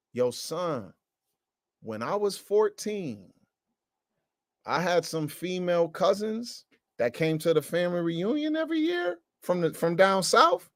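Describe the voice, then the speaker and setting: A man's voice: high-pitched, no echo, clean studio sound. A man teaching the Bible in a casual, slangy and emphatic way.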